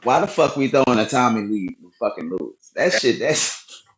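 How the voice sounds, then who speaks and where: A man's voice: medium pitch, big pitch swings, moderate pace. A man co-hosting a casual sports podcast, speaking emphatically and with a lot of swearing. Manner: emphatic, profane. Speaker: podcast co-host. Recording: echoey room.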